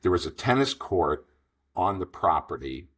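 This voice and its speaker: Husky-voiced man in his fifties. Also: low voice, moderate pace. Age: 50s. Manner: rambling, animated storyteller acting out dialogue. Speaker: franchise investor guest. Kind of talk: storytelling in a podcast interview.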